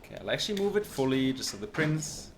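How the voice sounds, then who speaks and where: A man's voice: medium pitch, very animated, fast, a little hiss or hum. A man commentating his own speedrun live, dry and sarcastic, swearing when things go wrong.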